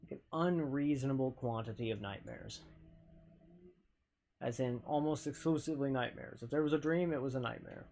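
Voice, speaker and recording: A man streaming live, chatting casually with viewers in a halting, self-deprecating, rambling way. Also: mid-range voice, gravelly, a little mellow, a little hiss or hum.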